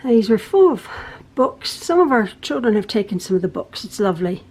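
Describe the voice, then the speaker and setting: A middle-aged woman who hosts a quilting channel, chatting casually and rambling through her home with soft sighs and laughs. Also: mid-range voice, very animated, fairly quick. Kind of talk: casual vlog chat. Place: home, indoors.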